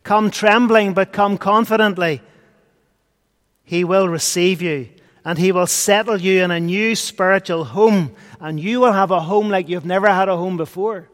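A man preaching a sermon, earnest, swinging between loud and hushed. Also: high voice, normal speed. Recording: long hall reverb.

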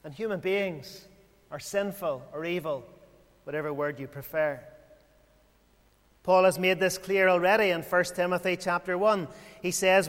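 A man preaching a sermon in a measured way, full of rhetorical questions and repeated phrases. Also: high-pitched, fairly even intonation, a bit bright. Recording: long hall reverb.

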